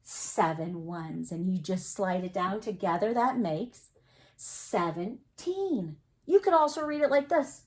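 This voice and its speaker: Slow, encouraging woman teaching young kids. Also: medium pitch, expressive. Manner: slow, encouraging, sing-song counting with questions to kids. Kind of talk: early-grade math lesson to children.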